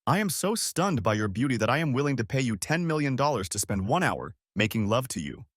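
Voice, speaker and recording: Male reader as a smug rich boaster, pompous, lively pitch. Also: fairly quick, no echo, studio quality. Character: boastful rich man in a joke.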